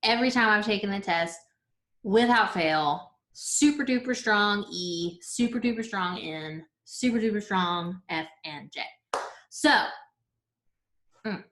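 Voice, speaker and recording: Speaking a little slowly in a medium-pitched, slightly bright voice, this thirty-something vlog host talks casually about herself while being interviewed. She's giggly, leans on fillers, and lets sentences trail off, with roomy echo around her.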